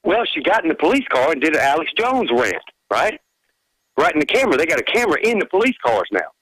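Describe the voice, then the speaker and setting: A man's voice: on the high side, big pitch swings, fast, fairly bright tone, no echo, low-quality recording. A man calling in to a radio show, rambling and chatty with many fillers. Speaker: caller. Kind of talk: phone-in call to a radio show.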